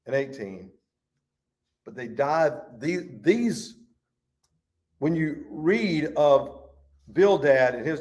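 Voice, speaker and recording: A folksy man leads a Bible study and reads scripture aloud. His voice sits a bit high for a man, and he leans hard on key words.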